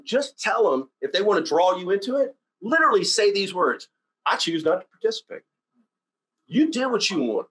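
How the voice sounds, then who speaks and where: A man giving a casual motivational sales-training talk in a blunt, rambling, animated storytelling way. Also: a little high, poor audio.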